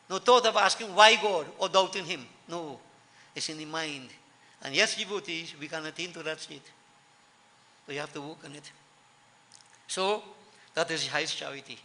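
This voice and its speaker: A man's voice: on the high side, pushed and bright, slight background noise. A man giving a sermon to devotees, earnest, repeating key lines for emphasis. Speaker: preacher. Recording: long hall reverb.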